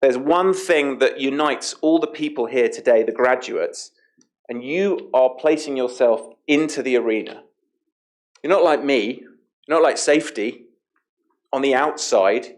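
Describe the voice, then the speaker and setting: A man's voice: medium pitch, a little mellow. A man giving the closing remarks at a graduation ceremony, speaking earnestly and personally with occasional hesitations. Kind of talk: ceremony speech.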